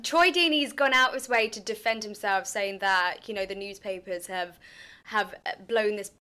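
A woman's voice: mid-range voice, normal speed, sharp tone, smooth. A woman hosting a casual football chat, giving her opinions in a chatty, hedging way.

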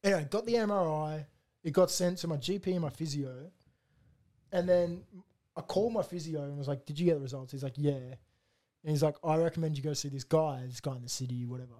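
A man's voice: fairly high pitch, quick pace, mellow. A young man, ranting and swearing in casual podcast chat, retelling phone calls. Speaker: podcast co-host.

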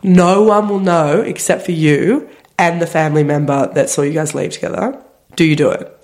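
A woman's voice: sits low, moderate pace. A woman co-hosting a podcast in casual, giggly chat, talking while she is sick. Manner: chatty, giggly, animated storytelling. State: sick, recovering from illness. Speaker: podcast co-host.

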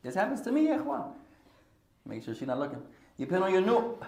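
Lively bilingual man teaching in an echoey room. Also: sits high, moderate pace, vocal fry, long pauses. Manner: switches between English and Arabic, jokes with students. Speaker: Islamic studies teacher. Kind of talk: classroom lesson with humorous asides. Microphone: podcast recording of a class.

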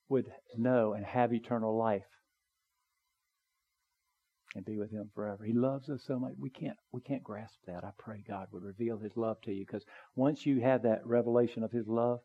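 A man preaching a sermon in a church, earnest and conversational, building to emphatic pleas and dropping to soft, quiet appeals. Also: medium pitch, fairly even intonation, moderate pace, muffled recording. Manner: conversational with small asides. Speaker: pastor. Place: church sanctuary, also live streamed.

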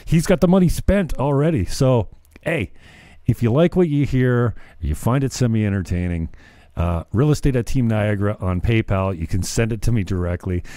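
A man's voice: mid-range voice, normal speed, warm tone, no echo. A middle-aged man hosting a casual podcast chat, earnest and prone to repeating his words as he restarts sentences. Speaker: podcast host.

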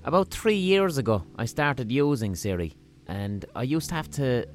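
A man with a Limerick Irish accent hosting a podcast, rambling through a casual comic monologue in a profane, deadpan-humorous way. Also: mid-range voice, moderate pace, faint music behind. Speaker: podcast host.

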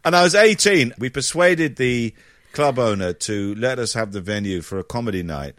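A man's voice: medium pitch, normal speed, no echo, clean studio sound. A man, a comedian, telling anecdotes in an interview and acting out voices as he goes. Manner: lively storyteller, acts out voices. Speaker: comedian guest.

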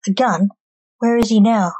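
A woman reads a stern male agent who lectures his daughter. She stays close to her own mellow voice. The sound is dry and close. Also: medium pitch, fairly even intonation, normal speed, slightly rough, dry recording, lo-fi sound, lightly acted.

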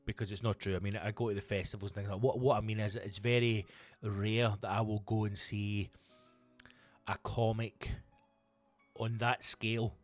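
Sweary Scottish comedian, rambling podcast chat. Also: male voice, fairly low pitch, level tone, normal speed, faint music behind. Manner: rambling and sweary, with frequent restarts. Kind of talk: casual solo podcast chat.

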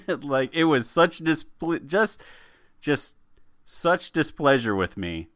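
A man co-hosting a podcast in casual chat, animated and laughing, often repeating words as he starts a sentence. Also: on the high side, slow, dry recording, studio quality. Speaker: podcast co-host.

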